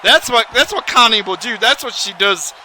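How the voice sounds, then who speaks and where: A man giving excitable, folksy, rambling play-by-play commentary on a wrestling video game. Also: very high-pitched, moderate pace, a little hiss or hum, rough recording.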